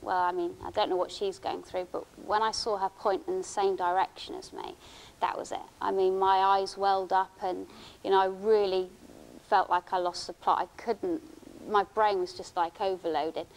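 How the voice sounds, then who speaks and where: A woman speaks at a conference. She tells a personal account in a halting, emotional way, restarting her sentences often. Her voice sits at an ordinary middle pitch. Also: fairly even intonation, poor audio. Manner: halting, emotional storytelling with many restarts and fillers. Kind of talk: first-person account given as a conference talk. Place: conference hall.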